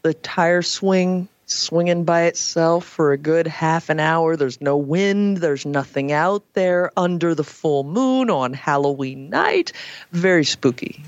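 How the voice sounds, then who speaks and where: A woman hosting a late-night call-in radio show, chatty and animated, with playful asides. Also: low-pitched, no echo, dull audio. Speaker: radio talk show host. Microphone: headset.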